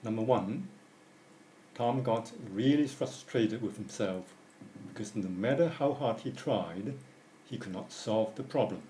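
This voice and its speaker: A man reading an English grammar lesson as scripted narration, going through word forms in a measured, deliberate way. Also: on the low side, dark tone, a little hiss or hum. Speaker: English teacher. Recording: echoey room.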